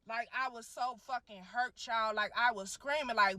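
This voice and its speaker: A young woman, a guest, animatedly tells an emotional personal story in casual, profane language, often addressing listeners as "y'all." Her voice is fairly high, at a moderate pace with few pauses, and the recording is very noisy.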